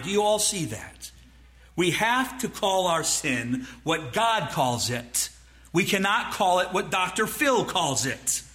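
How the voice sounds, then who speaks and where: A male pastor delivers an emphatic sermon in a high, bright voice. He swings his pitch widely, drives his points home with repetition, and throws out rhetorical questions to the congregation. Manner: emphatic preaching, mock dialogue with the congregation; rhetorical questions and repeated phrases.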